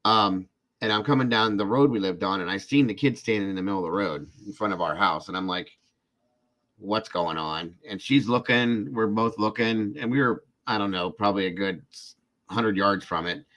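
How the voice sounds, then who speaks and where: A man's voice: on the low side, brisk, fairly bright tone. A man hosting a live true-crime show, telling a long personal story in a casual, rambling way, repeating himself and speaking to his viewers. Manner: speaks directly to viewers in chat.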